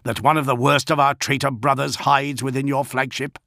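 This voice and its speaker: A man's voice: mid-range voice, little pitch movement, moderate pace, creaky, sharp tone, no room sound, clean studio sound, voice pushed up. A man voicing an angry, commanding male lord who accuses sharply.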